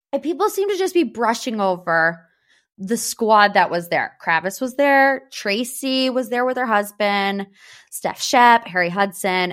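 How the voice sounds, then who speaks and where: A young woman from Northeast Ohio hosting a podcast, chatting about pop culture in a gossipy, animated way. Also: mid-range voice. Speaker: podcast host. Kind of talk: casual pop-culture chat.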